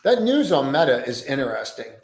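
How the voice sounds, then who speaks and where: A pre-market trading streamer talks from a home desk crowded with monitors, his medium-pitched, darkish voice very animated and a little fast. He rambles through ideas and trails off into mumbles, with a roomy echo on the recording.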